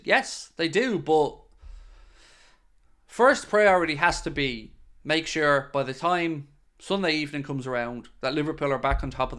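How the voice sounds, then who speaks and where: A man's voice: on the high side, fairly bright tone, clean tone. A man hosting a casual live stream, chatting and answering viewer comments. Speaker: podcast host reading live chat.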